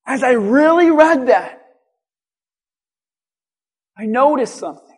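A man preaching in a church with a very high voice. He speaks slowly and leans on repeated lines, climbing toward a shout at times. His delivery is that of a pastor working a congregation. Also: animated, husky. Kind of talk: sermon.

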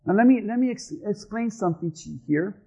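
A man pastor delivering a sermon, swinging between shouting and hushed tones. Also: high-pitched, expressive, a little fast, slightly rough, lo-fi sound.

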